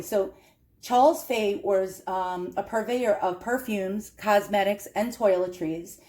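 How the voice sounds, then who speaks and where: A woman's voice: medium pitch, darkish tone. A woman from Queens with a strong New York accent, chatting casually and laughing at herself as she shows off antiques in a vlog. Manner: chatty, self-deprecating, laughs often. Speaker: antiques collector vlogger. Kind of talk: casual show-and-tell vlog.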